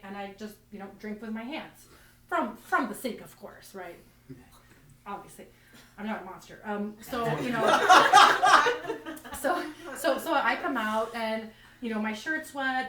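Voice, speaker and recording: A stand-up comedian with a slightly high, bright, forceful voice tells self-deprecating stories, rambling and restarting often. She's expressive and unhurried, recorded with a distant mic in a roomy space.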